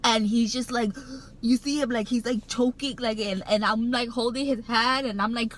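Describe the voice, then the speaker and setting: A woman vlogger with a fairly high voice and steady tone tells a heartfelt personal story at a moderate pace, rambling with many fillers and restarts. She gets emotional and choked up at times while recounting it. The recording is low quality.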